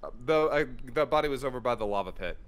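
Dude in group game chat, kinda hesitant, lots of uhs, lively up-and-down voice. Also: male voice, medium pitch, fast talker, clean tone. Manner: hesitant, with fillers and restarts while explaining. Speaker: guest player on a game stream.

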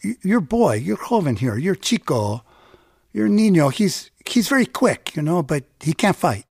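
A man's voice: high-pitched, big pitch swings, measured pace, gravelly, darkish tone, slightly rough, no echo, studio quality, voice pushed up, exaggerated voice. A man voicing a kind, muscular Chicano mechanic, urgent and stammering, with a Spanish-tinged accent. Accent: Mexican American Spanish-tinged English.

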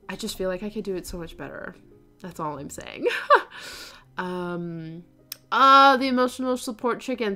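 A woman's voice: fairly low pitch, pushed and bright. Chatty young woman hosting a knitting stream. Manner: chatty, effusive, lots of fillers like "um" and "like". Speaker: knitting livestream host. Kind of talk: casual livestream chat reading viewer posts.

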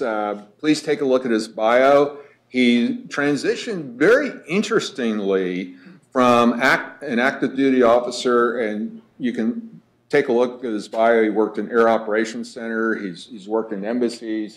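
A man introducing the next speaker at a conference, relaxed and anecdotal, pausing often with "uh". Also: mid-range voice. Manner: relaxed, anecdotal, many "uh" pauses.

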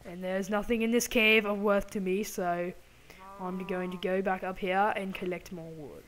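A gaming channel host provides gameplay commentary in a mid-range, fairly bright voice, keeping a steady tone at a moderate pace. She chats with viewers in an exaggerated, put-on British accent, dropping apologetic asides along the way. There's slight background noise.

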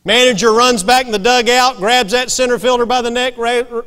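A man preaching in a church sanctuary with a high voice. He tells stories in a folksy, emphatic way. His voice carries a long reverb from the large hall. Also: fairly even intonation, normal speed, pushed and bright, smooth. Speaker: pastor. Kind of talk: storytelling sermon.

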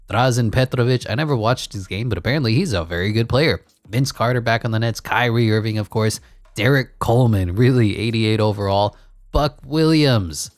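A man calling a simulated basketball video game play-by-play, excitable and jokey, rising to big shouts on key moments. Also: lowish voice, no room sound. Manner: jokey asides and laughs between calls. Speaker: gaming channel host.

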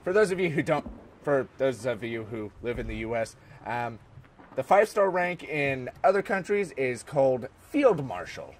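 An American man giving casual joking commentary over a war strategy game, talking to his soldiers and sometimes yelling at them. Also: mid-range voice, big pitch swings, normal speed, slight background noise. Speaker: gameplay commentator. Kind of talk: casual let's-play commentary.

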